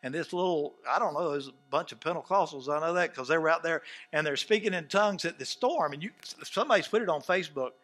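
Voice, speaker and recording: A man preaching a sermon as pastor, swinging from soft asides to shouted outbursts and acting out quoted dialogue. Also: a little high, fast talker, few pauses. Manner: acts out quoted dialogue in scenes.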